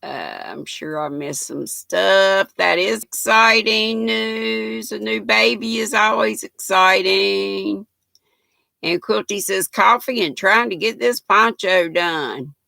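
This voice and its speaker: A woman's voice: medium pitch, slow pace, gravelly, bright, forceful tone, no room sound. An older woman, chatting folksily with viewers and reading their comments on a knitting livestream, laughing often. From United States.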